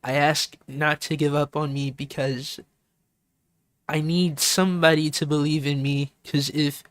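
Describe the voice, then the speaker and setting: A man's voice: fairly high pitch, level tone, measured pace, fairly bright tone, no room sound. A man streaming, talking in a rambling, sincere way, full of "like" and "you know" and repeated phrases. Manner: sincere and open. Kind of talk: casual heartfelt stream talk.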